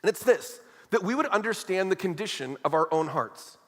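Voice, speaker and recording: A male pastor with a high voice preaches in a church auditorium, and a long reverb trails behind his words. His delivery is conversational, mixing scripture with casual asides and questions to the congregation. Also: animated, moderate pace, a bit bright. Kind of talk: sermon.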